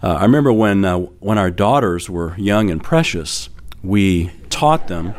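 A middle-aged pastor delivers a sermon in a relaxed, conversational way. He tells stories with everyday fillers and light laughter. His voice sits a little low. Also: unhurried, crowd noise, noisy background.

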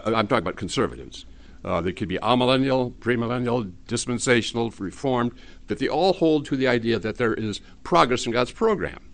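Folksy male pastor preaching. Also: medium pitch. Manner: folksy, joking, halting with fillers. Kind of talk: sermon.

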